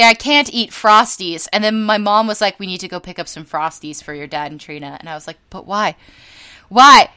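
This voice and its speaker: A woman's voice: mid-range voice, smooth. A young woman from Northern California, co-hosting a podcast and telling a comic everyday story with dramatic, swearing asides. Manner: animated, dramatic, swears and laughs often. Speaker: podcast co-host. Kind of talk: casual storytelling chat.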